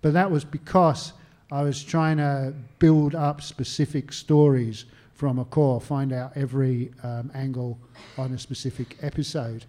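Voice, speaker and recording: Australian male historian, mellow tone, chatty anecdotal interviewee who acts out his phone calls. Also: mid-range voice, steady tone, a little slow. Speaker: historian and author. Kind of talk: conversational interview answers. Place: stage talk at a literary venue.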